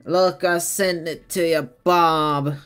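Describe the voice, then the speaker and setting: Streamer, man, rambling and giggly, unhurried delivery, light music in the background. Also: fairly high pitch, fairly even intonation, a bit bright, smooth. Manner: rambling, giggly, chatting to viewers. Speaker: game streamer. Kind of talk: casual live-stream chat while playing.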